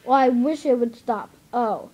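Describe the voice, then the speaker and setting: A woman's voice: on the high side, unhurried, warm tone, dull audio. A woman reading the part of an anxious, sensible girl.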